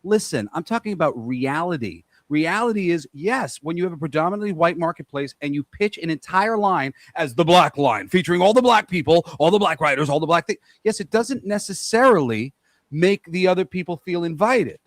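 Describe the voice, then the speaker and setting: A man's voice: a little high, lively intonation, a little fast, no room sound. A man co-hosting a podcast, ranting emphatically with lots of profanity. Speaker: podcast co-host. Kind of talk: heated casual podcast rant.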